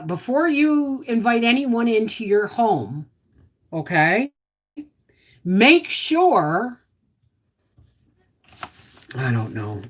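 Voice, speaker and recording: A woman's voice: on the low side, fairly bright tone. A middle-aged woman hosting a casual livestream, greeting viewers and answering their comments in a chatty, sympathetic way.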